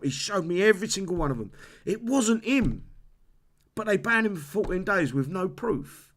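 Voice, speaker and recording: A man's voice: high voice, lively intonation, moderate pace, a bit bright. Sweary man ranting on stream. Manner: heated, sweary, repeats himself. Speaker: streamer hosting a live game discussion. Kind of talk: casual live-stream rant.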